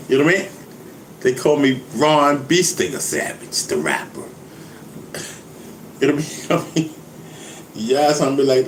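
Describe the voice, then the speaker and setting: A man's voice: mid-range voice, lively intonation, moderate pace, pauses often. A man talks in a loose, joking ramble, laughing often and checking in with his listener after nearly every sentence. His voice sits in an ordinary middle range for a man. The room rings with echo, and a faint background hum runs underneath. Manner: laid-back, laughing, keeps saying "you know what I mean". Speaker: rapper and vlogger. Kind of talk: casual rambling monologue.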